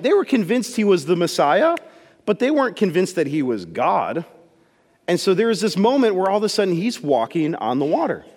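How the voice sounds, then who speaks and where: A pastor preaches a casual sermon in a church sanctuary, his high voice filling the large hall. He tells the story with animation, acting out voices and joking with the congregation.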